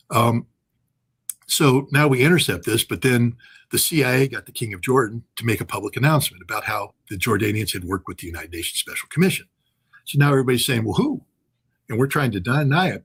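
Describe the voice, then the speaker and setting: A man's voice: fairly low pitch, breathy edge. A man in his sixties, a former weapons inspector, telling long stories as a guest in an interview, with many fillers and restarts. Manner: animated anecdotal storytelling with many fillers. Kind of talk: storytelling interview answer.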